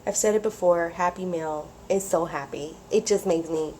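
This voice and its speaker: A woman vlogging about craft mail, gushing and excitable, with gasps, whispers and squeals. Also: lowish voice, normal speed, slight background noise. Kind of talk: casual chat to camera.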